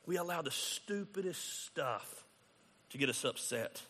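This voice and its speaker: A man preaching a sermon as pastor, conversational and animated, acting out quoted exchanges. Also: on the high side, measured pace, long reverb tail.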